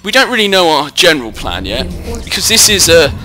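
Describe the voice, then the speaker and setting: There's crowd noise behind this teenage British gameplay commentator, who jokes and rambles about a strategy game live on a headset mic while mocking himself. His fairly high voice swings widely in pitch and moves fairly quickly, and he's indoors at home, away from his usual setup.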